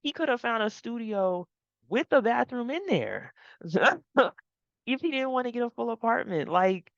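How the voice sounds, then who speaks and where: A woman's voice: on the high side, big pitch swings, moderate pace, gravelly, no echo, muffled recording. A woman host recapping a reality TV episode in casual commentary, chatty and laughing often.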